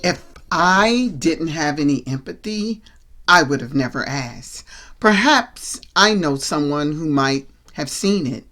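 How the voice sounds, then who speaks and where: A woman voicing a street-savvy younger woman who speaks in a low, steady, matter-of-fact way. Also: takes it slowly, heavily acted. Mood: calm.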